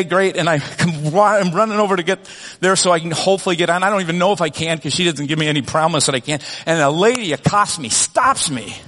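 Male pastor, self-mocking storyteller, rambles and corrects himself, voice on the higher side. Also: fairly bright tone. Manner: self-deprecating storytelling with many restarts. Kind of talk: sermon with personal story. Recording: long reverb of a church hall.

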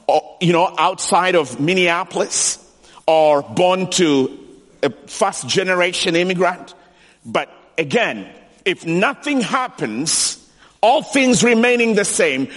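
High-voiced man preaching, slow and emphatic. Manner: animated preaching with emphatic repetition. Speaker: pastor. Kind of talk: sermon. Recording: long reverb of a large hall.

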